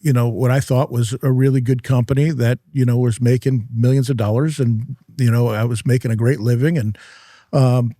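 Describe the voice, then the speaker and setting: Mellow-voiced middle-aged man telling stories. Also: medium pitch, steady tone, no echo, studio quality. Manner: halting, repeats and restarts words. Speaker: guest, real estate investor. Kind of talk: conversational storytelling.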